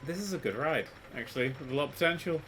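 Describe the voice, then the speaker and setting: A man talks through a video game in a casual, excitable way, full of swearing. His bright voice leaps between low mutters and loud outbursts. Faint background noise and keyboard typing sit behind him. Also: fast. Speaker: gaming YouTuber. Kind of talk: casual let's-play commentary.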